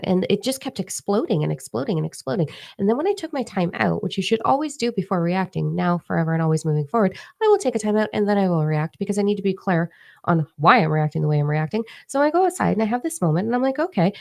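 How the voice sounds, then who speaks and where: A woman's voice: mid-range voice, animated, fast, gravelly. A woman hosting a casual spiritual live chat, candid and swearing freely as she acts out her own reactions, speaking into a microphone. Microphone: microphone in front of her face.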